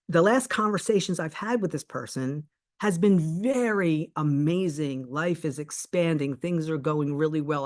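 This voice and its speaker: A coach speaking at a middling pitch, earnestly pressing each point home. They slow to a crawl on the ideas they want to land, then pick up again while telling the story. It is a lively, animated telling that acts out both sides of a phone conversation. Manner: earnest and emphatic, slowing right down on key points. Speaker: manifestation coach. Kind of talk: motivational talk with a personal story.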